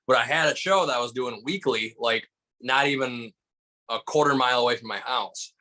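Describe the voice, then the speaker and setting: Speaking at medium pitch and a moderate pace, a young man from Michigan, a stand-up comedian on a podcast, tells animated stories in casual conversation. He fills his talk with "like," and the recording quality is low.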